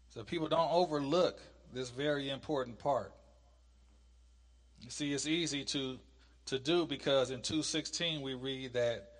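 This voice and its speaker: A man leading a Bible study, reading scripture slowly and with emphasis, then explaining it in a casual, conversational way. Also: medium pitch, fairly bright tone, big-room sound. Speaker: preacher.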